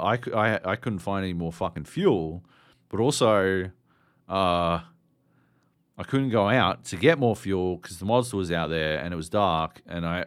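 A man's voice: deep voice, clean tone, dry recording, studio quality. A man co-hosting a podcast, chatting casually in a rambling, profane way with many fillers. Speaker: podcast co-host.

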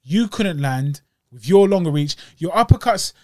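A man's voice: on the high side, expressive, normal speed, noisy background. A man with a London accent, co-hosting a podcast and critiquing a boxing match in casual, slangy chat. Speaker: podcast co-host.

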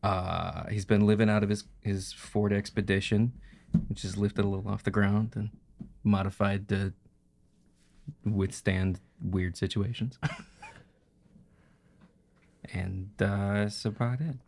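A man playing a tabletop game, describing his character in a halting, hesitant way. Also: fairly low pitch, fairly even intonation, gravelly, darkish tone, slight background noise. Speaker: player. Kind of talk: casual tabletop chat.

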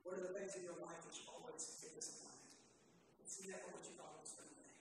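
A woman's voice: lowish voice, fairly even intonation, fast talker. A woman pastor preaching an impassioned sermon, repeating phrases and calling on the congregation to repeat after her. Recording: echoey hall from far off, noisy.

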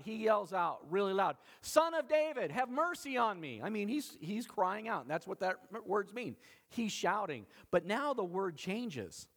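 A male pastor preaching a sermon in a lively, dramatic storytelling manner. His voice sits high and swoops widely as he acts out each scene. He leans hard into the drama of the story. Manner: animated, dramatic storytelling with acted-out quotes.

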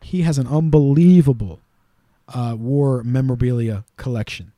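A man telling stories in a casual, animated way as a podcast co-host, now and then doing quick voices of the people he quotes. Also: medium pitch, no room sound, studio quality. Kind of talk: casual storytelling chat.

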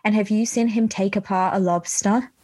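British woman co-host, animated, casual chat, mid-pitched voice. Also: moderate pace, low-quality recording. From England. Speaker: podcast co-host.

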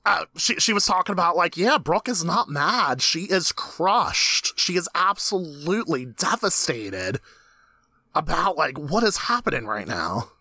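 A man co-hosting a TV recap podcast in casual chat, animated and laughing often as he retells scenes. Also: fairly high pitch, normal speed, dry recording. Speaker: podcast co-host.

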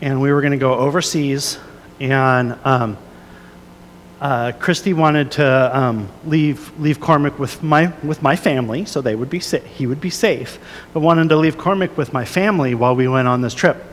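A man's voice: medium pitch, normal speed, a little hiss or hum. Pastor, male, 30s, confessional sermon delivery, long hall reverb. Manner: earnest, confessional, many fillers and restarts, soft prayerful then rising emphatic. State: a little emotional.

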